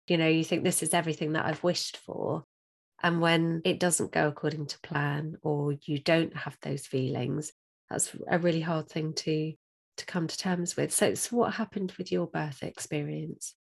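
A woman hosting a podcast, asking questions in a gentle, sympathetic way. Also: low-pitched, fairly even intonation, moderate pace, vocal fry. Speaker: podcast host.

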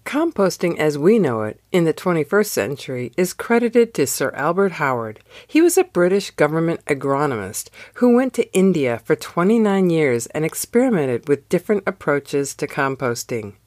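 A woman reads a devotional script with slow, storyteller pacing. Her voice sits low, yet it rises and falls with lively, animated inflection. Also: no echo, studio quality. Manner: slow, expressive storytelling read. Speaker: devotional podcast host.

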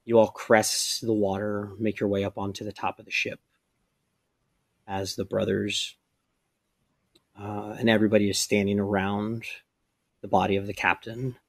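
A man's voice: on the low side, level tone, normal speed, creaky, pauses often, no room sound, studio quality. A man running a tabletop game as game master, narrating the scene loosely with fillers.

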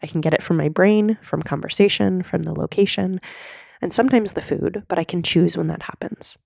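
A woman in her thirties hosting a solo podcast, coaching listeners in an earnest, direct way while hoarse from a cold. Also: lowish voice, brisk, a little mellow, no room sound, clean studio sound. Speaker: podcast host and mindset coach.

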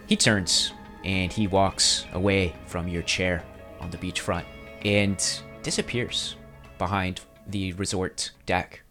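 Man, game master, low voice, easygoing narration, faint music behind. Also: takes it slowly. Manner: lively, easygoing.

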